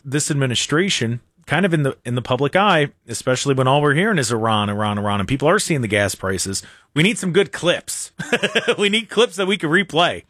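This political talk radio host has a slightly high voice and chats animatedly in a casual way, frequently restarting and repeating himself. His audio is clean studio sound with no room echo.

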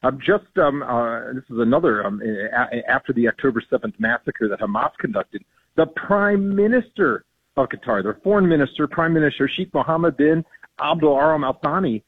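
Guy calling into a radio show, husky and a bit riled up, dry phone sound. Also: medium pitch, animated, normal speed, dry recording. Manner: earnest, indignant, many ums and restarts. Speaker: policy guest. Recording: tinny phone line.

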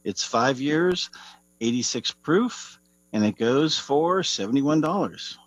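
Husky man reading whiskey notes remotely. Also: mid-range voice, lively intonation, slow pace, no echo, muffled recording. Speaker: whiskey segment regular. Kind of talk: reading product notes on air. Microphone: remote call-in.

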